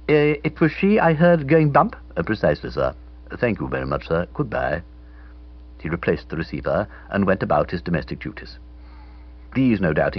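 A man's voice: low voice, husky, highs cut off. A man narrating a comic novel in the first person, in a wry, theatrical reading style. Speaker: audiobook narrator.

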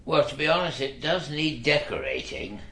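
An actor playing a mild, rambling older father in a comedy drama, with a husky voice. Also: a little high, wildly swooping pitch, moderate pace, fairly bright tone, slight background noise. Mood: puzzled. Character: pale vague old father in pyjamas. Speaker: father thought dead.

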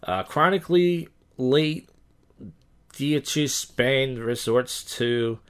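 A man hosting a casual podcast, reading odd news stories aloud and riffing deadpan jokes with lots of fillers and restarts. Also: medium pitch, very slow, clear, resonant tone. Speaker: podcast host. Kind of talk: casual comedic news rundown.

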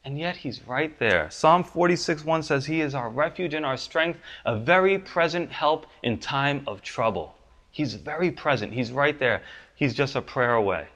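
A pastor preaching a sermon, his voice climbing high and loud for the pleas and dropping low and soft on the promises.

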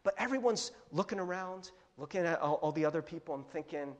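Animated young pastor in a reverberant hall. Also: male voice, a little high, a little fast, hardly any pauses, lo-fi sound. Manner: animated, joking, acts out voices. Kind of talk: sermon.

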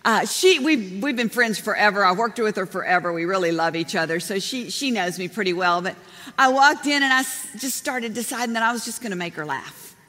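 A woman preaching a sermon in a lively, chatty way, often laughing as she talks. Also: mid-range voice, brisk. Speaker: pastor. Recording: long hall reverb.

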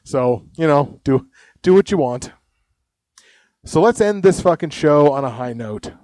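A man's voice: on the high side, lively intonation, measured pace, a little mellow, no echo. A man hosting a casual podcast, rambling, swearing constantly and laughing at his own jokes. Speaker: podcast host. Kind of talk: casual profane podcast chat.

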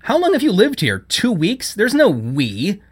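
A man's voice: on the high side, very animated, moderate pace, a bit bright, pitched above the performer's own voice. A man reading a story, voicing an indignant, sarcastic young woman who works in a shop. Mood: scornful. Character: sharp-tongued young woman, fiery shop worker.

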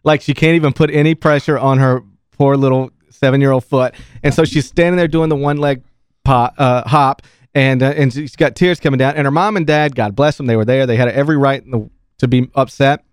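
A man's voice: medium pitch, steady tone, fairly quick, clear, resonant tone, no echo. A man hosting sports talk radio, telling a story in an exasperated, self-mocking way into a studio microphone. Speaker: radio show host.

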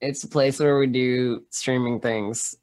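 A player in a tabletop game, speaking while having a cold, in an offhand, low-key way. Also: steady tone, unhurried, darkish tone. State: has a cold. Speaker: player and streamer. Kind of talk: casual chat.

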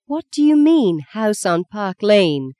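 A reader voicing Justine, a sharp-tongued, quick-tempered young actress, in an audiobook. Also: animated, dry recording, clean studio sound, natural voice. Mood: furious. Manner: high, indignant outbursts. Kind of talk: audiobook character voice.

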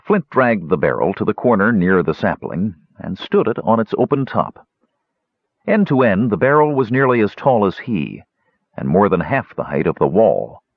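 Man, fantasy audiobook narrator, very low voice, animated delivery, dull lo-fi sound. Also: husky, dry recording. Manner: expressive, measured storytelling.

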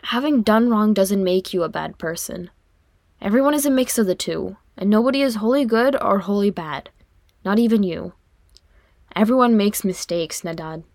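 A woman voicing a small, cheeky young male dwarf who teases his older brother in a high, pleading tone, for an audiobook reading. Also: normal speed, no echo, clean studio sound, natural voice. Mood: earnest. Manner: bright, teasing, high and pleading.

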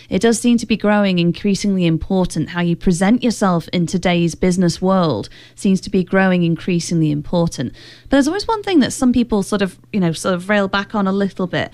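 A woman's voice: mid-range voice, darkish tone. A woman hosting a radio talk show, chatting easily and steering the talk with questions to her guests. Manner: chatty, leads the conversation with questions.

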